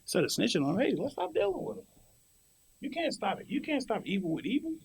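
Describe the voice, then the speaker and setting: A man on a podcast as a guest, talking in an animated, blunt and profane way. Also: very high-pitched, fast, vocal fry, slightly rough. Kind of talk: casual podcast chat.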